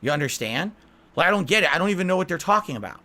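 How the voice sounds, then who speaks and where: Defensive rambling man, bright lively voice. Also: fairly high pitch, very fast. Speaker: content creator being interviewed. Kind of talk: defensive interview talk.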